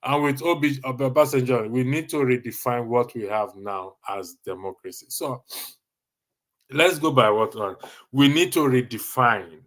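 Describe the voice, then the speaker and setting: A man with a Nigerian accent hosting a casual livestream, answering chat comments and chuckling often in a teasing, animated way. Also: medium pitch, moderate pace. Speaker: livestream host.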